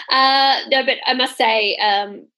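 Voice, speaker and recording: A woman from Australia with an Australian accent, hosting a casual podcast chat in an animated, joking way. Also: high voice, takes it slowly. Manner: animated, jokey, laughs often. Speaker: podcast host.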